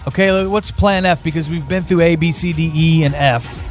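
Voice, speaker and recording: A man's voice: a little high, moderate pace, faint music behind. A man hosting a podcast who needles and teases a co-host and breaks into mock news announcements. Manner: needling, teasing interrogator.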